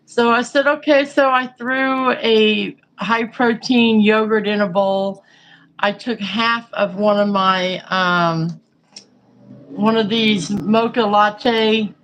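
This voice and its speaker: A woman's voice: mid-range voice, a little hiss or hum, poor audio. A woman chatting casually and frankly, rambling through a story with lots of fillers. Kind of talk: casual chat.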